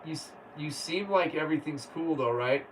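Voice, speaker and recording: A livestream host with a fairly high-pitched male voice talks at a moderate pace, reading viewer comments aloud and chatting in a relaxed way, laughing often. The mic sits at a distance, picking up faint background noise.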